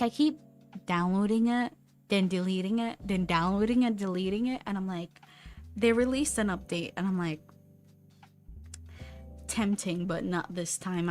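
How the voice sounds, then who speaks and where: A young woman chatting on a livestream while she draws, rambling, swearing and laughing often. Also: medium pitch. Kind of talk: casual chat while drawing.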